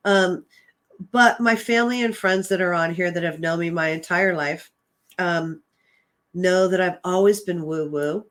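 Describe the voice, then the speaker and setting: A woman hosting her own talk show tells a personal story in a relaxed, chatty way, in a somewhat low voice. She keeps acting out little bits of dialogue and fills gaps with "um". She comes across as earnest and a bit emotional. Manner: chatty, retells dialogue with "I'm like" and frequent "um". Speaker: host and psychic medium.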